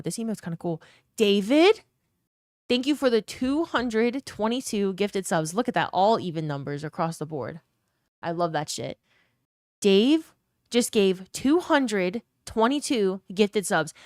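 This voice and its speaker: A woman's voice: mid-range voice, big pitch swings, measured pace, pauses often, darkish tone, no echo, clean studio sound. A young woman from New Orleans with a neutral accent, chatting casually with her live stream viewers, reading comments aloud and swearing now and then. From New Orleans, US South.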